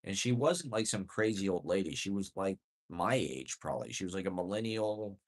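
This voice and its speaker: A man's voice: sits low, animated, moderate pace. A man rambling through a profane, self-deprecating comedic monologue with sardonic chuckles. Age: adult.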